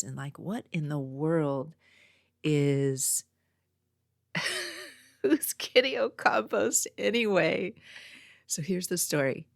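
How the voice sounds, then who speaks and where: A woman's voice: very deep voice, gravelly, dry recording, clean studio sound. A woman from Northern California hosting her own podcast, chatting in a meandering storytelling way. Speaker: podcast host. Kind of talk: casual chat. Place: home next to a small post office. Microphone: own podcast mic.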